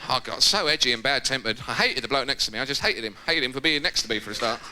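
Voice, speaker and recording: A man doing a live stand-up routine on a theatre stage, lively and jumping into quoted voices and shouts. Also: medium pitch, fast talker. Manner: animated, jumps into shouted impressions and quoted voices. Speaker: stand-up comedian. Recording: loud background noise, live theatre recording.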